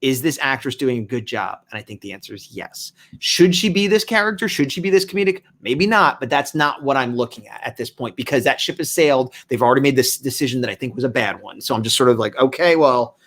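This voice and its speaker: A man's voice: medium pitch, lively intonation, fast talker, few pauses, fairly bright tone. A man hosting a casual review discussion, rambling and reasoning aloud. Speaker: host.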